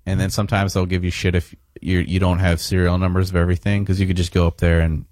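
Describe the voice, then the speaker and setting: A deep-voiced man who is a touring musician guest, telling road stories in a candid, relaxed way. His voice is dry and close to the mic, with no room echo. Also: fast talker. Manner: relaxed, candid storyteller, swears casually. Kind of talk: casual radio interview. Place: radio studio.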